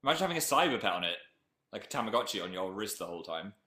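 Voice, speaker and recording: A man's voice: on the low side, big pitch swings, very fast, bright, forceful tone, reverberant. A young man with a Northern English accent, chatting casually on a live stream and reading viewer comments aloud. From Northern England.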